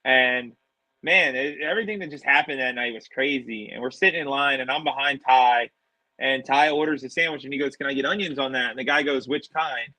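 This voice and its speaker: A man's voice: mid-range voice, fairly quick, pushed and bright, no room sound, low-quality recording. A man, a professional wrestler, telling stories in a casual interview, acting out quotes with animation.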